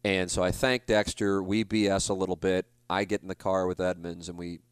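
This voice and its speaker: Rambling, low-voiced broadcaster in his forties. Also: little pitch movement, brisk, clean tone, no room sound. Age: 40s. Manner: rambling, confessional, self-deprecating, many restarts. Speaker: sports broadcaster. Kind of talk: solo podcast storytelling.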